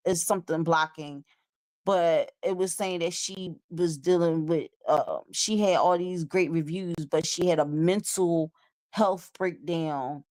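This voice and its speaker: A woman hosting a talk show, reading an account aloud and reacting with animated, incredulous asides. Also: fairly low pitch, no echo. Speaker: show host. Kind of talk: reading a story aloud and reacting, casual commentary.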